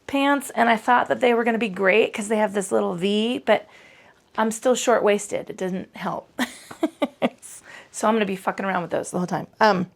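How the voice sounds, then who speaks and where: A woman's voice: mid-range voice, moderate pace, vocal fry. A woman leading a casual yoga class, irreverent and profane, chatty and full of self-corrections. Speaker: yoga instructor. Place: home yoga space on a mat.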